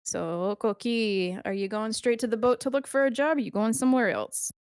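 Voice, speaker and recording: A woman's voice: a little high, normal speed, a little mellow, clean tone. A woman narrating a tabletop game as game master, descriptive and easygoing.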